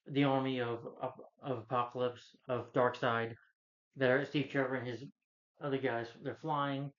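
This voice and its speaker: A man giving a casual spoken film review, rambling and repeating himself as he recaps the plot with frequent restarts. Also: medium pitch. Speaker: movie reviewer. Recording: slightly dull, lo-fi recording.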